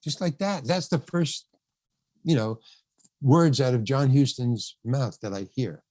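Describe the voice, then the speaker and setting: An older man, a podcast guest, telling an anecdote in a rambling, halting way, full of restarts and asides. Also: mid-range voice, a little mellow, no echo. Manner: rambling, halting, many restarts and "you know". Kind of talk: storytelling anecdote in casual chat.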